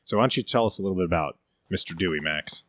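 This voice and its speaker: A man's voice: low voice, racing, a bit bright. A man co-hosting a casual history podcast, talking loosely and correcting himself as he goes. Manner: rambling, self-correcting, lots of "like" and "I mean". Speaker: podcast co-host.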